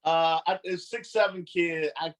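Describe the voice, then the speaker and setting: A man hosting a casual interview show, speaking in a relaxed, easygoing way and signing off in a friendly tone. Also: on the high side, a little slow. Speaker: show host, basketball coach.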